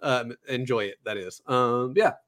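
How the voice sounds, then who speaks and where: A young man co-hosting a casual anime review podcast, relaxed and rambling with lots of fillers. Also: mid-range voice, measured pace.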